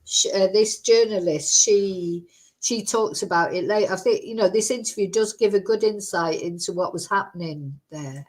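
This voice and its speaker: A woman's voice: mid-range voice, normal speed, darkish tone. A woman hosting a true crime livestream, talking in a chatty, rambling way with lots of fillers. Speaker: true crime channel host. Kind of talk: casual livestream commentary.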